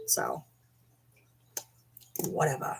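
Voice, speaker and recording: A woman's voice: very slow, background noise. A woman chatting casually to camera from her bed at home, breaking off to coo at her pets. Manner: chatty, drifts into baby talk with her animals. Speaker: vlogger.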